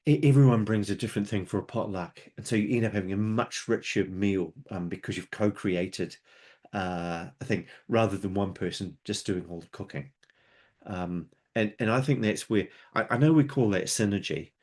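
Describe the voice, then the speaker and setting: A man's voice: lowish voice, moderate pace, a little mellow. A man presenting a webinar, talking unscripted and conversationally, explaining ideas through homely analogies and stories.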